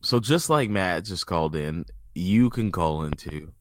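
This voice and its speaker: A man's voice: deep voice, animated, a little slow, slight background noise. A man co-hosting a podcast, joking in a wry, teasing way. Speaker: podcast co-host. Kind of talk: casual chat.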